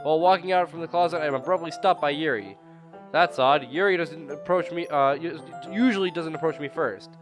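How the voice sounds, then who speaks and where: A man's voice: on the high side, brisk, over music. A young man reading a visual novel game aloud and chatting between lines, his throat sore and coughing. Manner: chatty, rambling asides. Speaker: gaming video creator.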